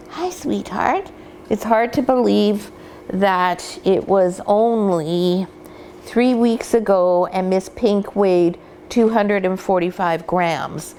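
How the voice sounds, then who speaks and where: A woman dog breeder giving an instructional demonstration, gently cooing at the puppies now and then. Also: mid-range voice, slight background noise.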